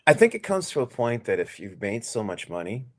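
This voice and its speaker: A man's voice: medium pitch, big pitch swings, fairly quick. A man in his forties co-hosting a podcast in casual chat, laid-back, laughing often and swearing casually. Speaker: podcast co-host.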